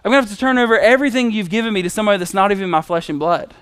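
A man voicing a frustrated aging patriarch who complains urgently and loudly to God. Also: high-pitched, lively intonation, takes it slowly, no room sound. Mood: aggrieved.

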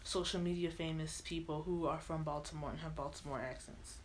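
A woman's voice: deep voice, fairly even intonation, brisk, a little hiss or hum. A woman in her twenties co-hosting a casual podcast chat, easygoing and teasing. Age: 20s. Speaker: podcast co-host.

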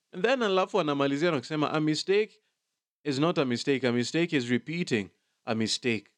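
A chatty man runs a celebrity gossip vlog, mixing slang into his English. His voice sits a little high. The sound is dry and close, with no room around it. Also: no echo. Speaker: gossip commentator. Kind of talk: casual commentary vlog.

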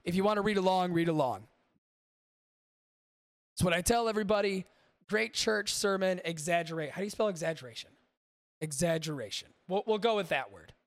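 A man's voice: high voice, fairly quick, pauses often, no room sound, clean studio sound. A man hosting a podcast in casual, rambling chat, swearing freely and talking to his live chat. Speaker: podcast host.

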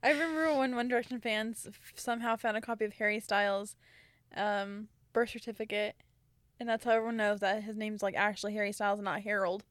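A woman's voice: medium pitch, fairly even intonation, fairly quick, a bit bright, no room sound, clean studio sound. A woman in her twenties co-hosting a podcast, easygoing in casual chat and laughing often. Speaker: podcast co-host.

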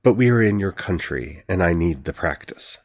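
A man voicing a humble male healer who speaks in a measured, formal and cautious way. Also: deep voice, expressive, a little mellow. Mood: polite.

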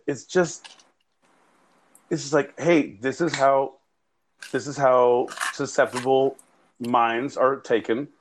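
A man's voice: mid-range voice, fairly even intonation, slow, pauses often, slight background noise. A man co-hosting a podcast in casual, profane banter, rambling and joking with frequent laughter. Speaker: podcast co-host. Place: home studio, recorded remotely via live app.

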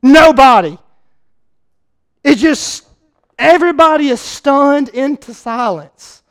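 High-voiced preacher, dramatic swings. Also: male voice, expressive, takes it slowly. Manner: dramatic, swings from shouting to quiet. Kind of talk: sermon.

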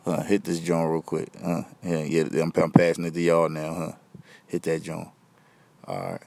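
A man's voice: sits low, normal speed, gravelly, darkish tone, dry recording. A young man hosting a podcast, rambling in loose, slangy, profane casual chat. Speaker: podcast host.

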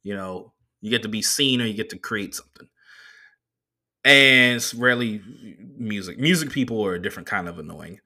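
A man in his thirties hosting a solo podcast who tells stories in a profane, animated way. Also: on the low side, brisk. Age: 30s. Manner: profane, animated, laughing asides. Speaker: podcast host. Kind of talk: solo comedic storytelling.

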